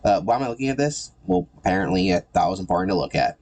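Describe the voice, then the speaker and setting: A man with a notably low voice talks through a comic book run in a loose, casual way. He is sarcastic and irreverent, and he often stumbles and repeats words mid-sentence. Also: sing-song, rapid-fire, darkish tone. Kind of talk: casual commentary.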